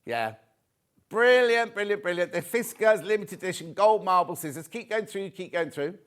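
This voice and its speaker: Male live shopping-TV host, fairly high voice, chatty and camp, quick with a joke. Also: expressive, fairly bright tone. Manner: chatty, camp and jokey, reads out viewer messages. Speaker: shopping channel presenter.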